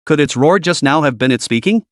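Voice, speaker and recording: A man's voice: a little high, expressive, a little fast, dry recording, studio quality, natural voice. A man voicing a young male beast tamer who gives cold, indifferent commands.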